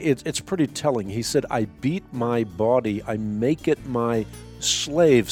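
A man's voice: mid-range voice, darkish tone. A man hosting a call-in radio show, answering a caller's Bible questions in an earnest, preacherly, explanatory way.

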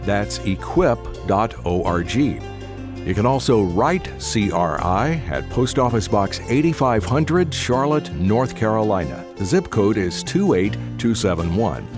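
A man reading a scripted radio broadcast outro, measured and clear as he gives contact details. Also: lowish voice. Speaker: radio announcer. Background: music bed.

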